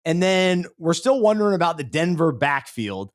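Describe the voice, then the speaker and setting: A man co-hosting a podcast, speaking in a slightly higher register. He talks in a loose, rambling way, stumbles over words and trails off low at the ends of his thoughts. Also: very animated, moderate pace. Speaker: podcast co-host. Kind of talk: casual podcast chat.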